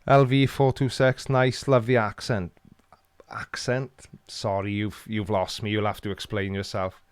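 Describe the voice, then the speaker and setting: A man's voice: lowish voice, little pitch movement, a little slow, smooth, no room sound. A Welsh man hosting a live stream, reading out chat comments with dry, teasing humor. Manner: jokey, dry teasing banter.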